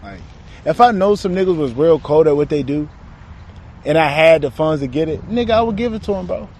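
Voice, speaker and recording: A man's voice: fairly high pitch, expressive, brisk, a little mellow. A young man talking casually in a rambling spiritual monologue, slangy and trailing off, recorded outside. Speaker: self-described channeler.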